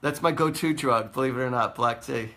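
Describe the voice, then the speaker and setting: A man's voice: mid-range voice, a little fast, sharp tone. A man, a psychic host chatting casually on a live stream, rambling and laughing often.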